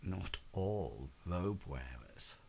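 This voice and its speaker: A man's voice: animated, vocal fry, slight background noise, heavily acted. A man whispering as a sinister old lore master. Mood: hushed. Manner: low hushed whisper, slow and menacing. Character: old secretive male lore master, cold and knowing.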